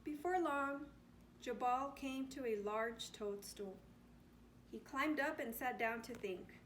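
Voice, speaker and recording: A woman reading a children's picture book aloud in an expressive storytelling voice. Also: high-pitched, slow, a little hiss or hum. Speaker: storybook reader.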